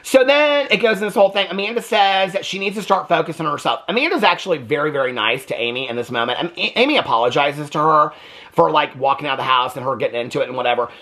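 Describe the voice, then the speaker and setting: A man giving a sassy, animated casual recap of a reality TV episode, often tagging lines with "okay?". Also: fairly high pitch, fast. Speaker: TV reaction vlogger.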